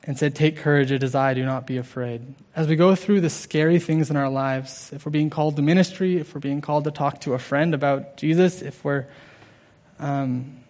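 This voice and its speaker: A young man giving an informal, earnest sermon, halting with restarts and fillers. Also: on the high side, fairly even intonation, darkish tone.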